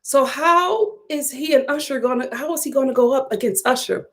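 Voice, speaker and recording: This is a young woman from Philadelphia live-streaming and reacting to viewer comments, sassy and animated and laughing a lot. Her pitch is high and her pace moderate.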